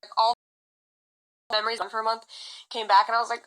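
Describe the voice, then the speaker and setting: A young woman from California telling a personal story in a chatty way, full of fillers and lively quoted lines. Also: a little high, fairly quick, long pauses, low-quality recording. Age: young adult. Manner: chatty, many fillers, animated quoting. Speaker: singer vlogging. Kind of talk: casual storytelling to phone.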